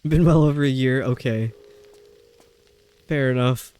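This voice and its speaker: A man's voice: medium pitch, unhurried, a little mellow, clean tone, no room sound. A young man giving live commentary while playing a video game, rambling, stumbling over his words and laughing often. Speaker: streamer.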